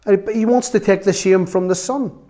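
A man, a lay preacher telling a Bible story in an animated, chatty way with humorous asides. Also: high voice, normal speed. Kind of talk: storytelling sermon.

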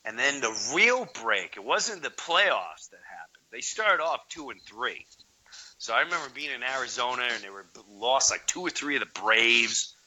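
A man, telling a story in an excited way and acting out his own shouts. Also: medium pitch, moderate pace, rough recording. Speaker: guest, baseball fan video maker. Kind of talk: animated storytelling in an interview.

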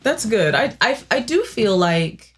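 A woman in her thirties co-hosting a casual chat podcast, animated and acting out her own thoughts in playful voices. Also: medium pitch, a little slow. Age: 30s. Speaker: podcast co-host.

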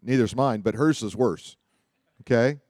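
A man's voice: medium pitch, a little slow, a little mellow, no room sound, studio quality. A man preaching, telling personal stories in a loose, rambling way with frequent restarts. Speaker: pastor. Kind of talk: sermon storytelling.

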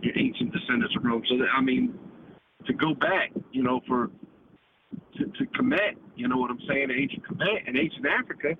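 An American man calls in to a talk show for a casual chat, rambling and swearing and ending almost every phrase with "man." His medium-pitched, creaky voice swings widely in pitch at a normal speed. The call comes through a tinny, noisy phone line.

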